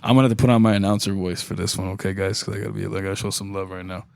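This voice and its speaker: A man's voice: low-pitched, fairly even intonation, racing, gravelly, clean tone, no echo, clean studio sound. A man hosting a casual podcast chat, upbeat and joking, laughing often between lines. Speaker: podcast host.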